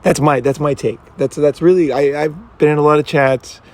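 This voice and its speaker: A man's voice: on the high side, normal speed, a little mellow, a little hiss or hum. A man giving casual, rambling commentary as a dating coach. He talks bluntly, swears freely and keeps asking "right?".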